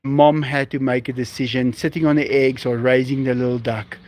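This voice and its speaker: A man's voice: mid-range voice, little pitch movement, brisk, darkish tone. A man chatting casually on a live stream outdoors, talking to viewers and to his farm animals.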